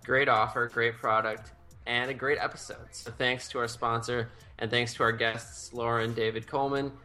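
A man's voice: medium pitch, flat delivery, normal speed, pushed and bright, faint music behind. A man co-hosting a podcast in easygoing casual chat. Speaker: podcast co-host.

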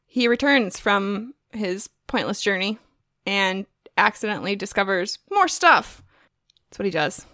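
Woman podcast cohost, bouncy animated voice, jokey and a bit sweary, super dry sound. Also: medium pitch, a little slow, dry recording. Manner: laughing, joking, swears freely. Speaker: podcast co-host. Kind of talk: casual podcast chat.

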